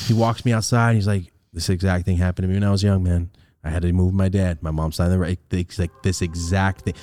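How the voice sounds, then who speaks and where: Fast and animated, a young man tells a story on his podcast with plenty of profanity, putting on voices for quoted people with big pitch jumps. The recording is studio quality with no echo.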